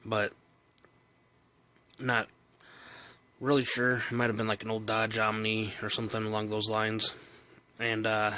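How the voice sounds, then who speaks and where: A man's voice: lowish voice, sharp tone. A man casually telling a personal story, rambling with fillers and restarts.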